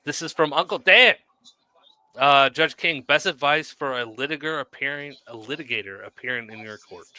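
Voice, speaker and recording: A man's voice: medium pitch, normal speed, sharp tone, dry recording. A male host in a casual chat with a guest, passing along questions from viewers. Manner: conversational, asks questions from viewers.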